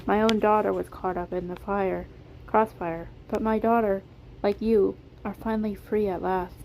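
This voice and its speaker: A woman voicing a kind, reassuring adult male inventor who speaks calmly and gently. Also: mid-range voice, normal speed, creaky, a little hiss or hum, natural voice, low-quality recording. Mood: solemn.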